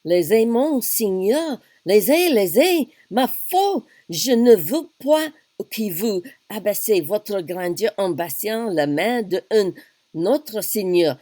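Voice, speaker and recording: A woman reading aloud a shy, formal young French princess, raising her voice higher and speaking French phrases. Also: expressive, takes it slowly, warm tone, no room sound. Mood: protesting. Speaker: teacher reading a play aloud. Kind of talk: dramatic reading of a play.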